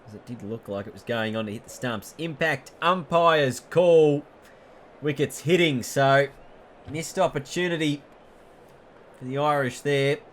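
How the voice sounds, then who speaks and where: A man doing play-by-play commentary on a cricket video game, chatty and excitable, jumping up at big moments and correcting himself as he goes. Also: a little high, a little slow, a little hiss or hum.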